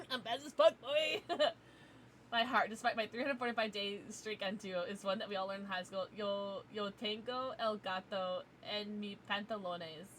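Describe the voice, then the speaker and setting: A woman streamer chatting casually with her live chat, giggly and playful, teasing with sudden loud outbursts. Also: mid-range voice, fairly even intonation, moderate pace, a little hiss or hum. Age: adult, parent. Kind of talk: casual livestream chat, reading chat.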